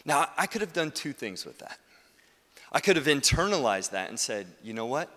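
Male pastor, earnest sermon delivery, forceful peaks, bright tone, reverberant sanctuary. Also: a little high, big pitch swings, normal speed. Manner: earnest, builds to forceful emphasis. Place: church sanctuary. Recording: long reverb from a large hall.

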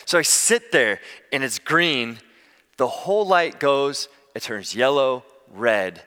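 A man preaching a sermon as pastor, telling stories in a conversational, animated way. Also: mid-range voice, slow pace, smooth, in a large hall.

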